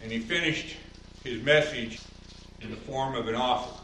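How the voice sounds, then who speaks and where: A man preaching in a church sanctuary, his voice bright and forceful with a roomy echo around it. He reasons quietly, then climbs into loud, high-pitched emphasis, mimicking others as he argues. He is picked up from a distance, over a faint ambient hiss. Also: normal speed. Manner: mocking quotes in a higher voice. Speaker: pastor. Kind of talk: sermon.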